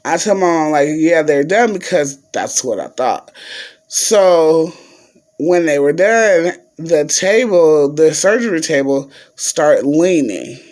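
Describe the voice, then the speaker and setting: A woman's voice: deep voice, expressive, takes it slowly, darkish tone. A young woman vlogger, chatting to viewers, full of fillers and y'all. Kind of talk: casual storytelling to viewers.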